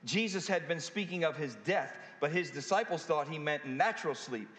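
A man with a high, light voice preaches a sermon from the front of a church. He stretches words out, lets pauses hang and throws rhetorical questions at the congregation. His voice rings through a roomy sanctuary with a long, echoing tail. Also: fairly bright tone. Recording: echoey hall with long reverb.

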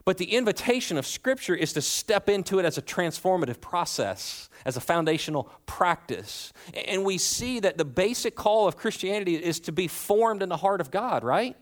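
A pastor in his thirties, his voice sitting on the high side, preaches a sermon in a church. He keeps it loose and conversational, with joking asides and sentences he restarts as he goes. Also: lively intonation, moderate pace, hardly any pauses. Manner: conversational and playful, with humorous asides and frequent restarts.

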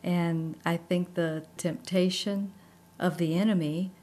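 A woman pastor co-hosting a faith talk show, speaking in a gentle, encouraging and reflective way. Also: lowish voice, fairly even intonation, slow pace. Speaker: pastor and co-host. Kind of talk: faith conversation.

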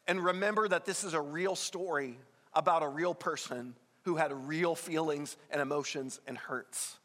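A male pastor preaches in an earnest, conversational way, his voice sitting a little high for a man. He pushes up hard on the key points. The sound rings with the long reverb of a big church hall. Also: measured pace, fairly bright tone. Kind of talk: sermon.

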